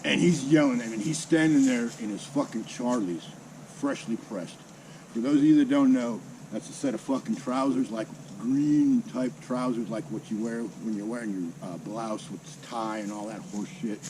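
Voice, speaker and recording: A man's voice: mid-range voice, moderate pace, a little hiss or hum, rough recording. A man in his sixties telling a salty personal story in a casual, heavily profane way. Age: 60s. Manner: heavily profane, salty, animated with mimicked sounds.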